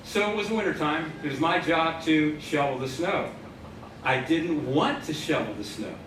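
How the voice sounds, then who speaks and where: Performing as a stage magician, a man with a slightly high, somewhat bright voice tells a story at a normal speed, stuffed with wry puns and played to the live audience. It's comic patter from a magic act, captured on a distant mic in an echoey theater with audience noise.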